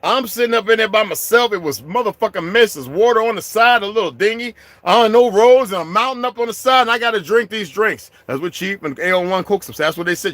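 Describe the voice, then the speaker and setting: Man, solo vlogger, off-the-cuff rant at his audience; a touch high-pitched, combative and crude, swinging between muttered asides and loud bursts. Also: lively intonation, fast talker, few pauses, no room sound. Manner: confrontational, profane, swings from low muttering to loud outbursts. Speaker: vlogger addressing his viewers. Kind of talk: unscripted rant to camera.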